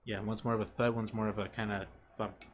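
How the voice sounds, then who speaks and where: A young man hosting a casual music production tutorial, swearing freely and counting beats out loud. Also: fairly low pitch, little pitch movement, quick pace, a little hiss or hum. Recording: music playing underneath. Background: music playing.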